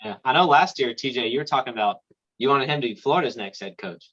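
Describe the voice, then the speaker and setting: Brief: young male co-host, bright voice, joking, dull lo-fi recording. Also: mid-range voice, lively intonation. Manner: joking, quick to laugh. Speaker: podcast co-host. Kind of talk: casual sports podcast chat. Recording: dull lo-fi sound.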